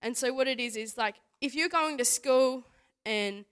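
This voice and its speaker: A woman's voice: a little high, normal speed, fairly bright tone, clear, resonant tone. A young woman giving a casual testimony talk at church, chatty and full of fillers, laughing now and then. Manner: chatty, full of "like" and "you know", laughs often. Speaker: youth speaker at church.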